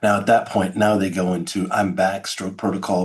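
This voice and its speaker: Middle-aged guy on a podcast, lowish voice, tells it big and dramatic. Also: level tone, normal speed. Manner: dramatic storyteller, acts out sounds and quotes. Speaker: podcast guest, keynote speaker. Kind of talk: storytelling in an interview.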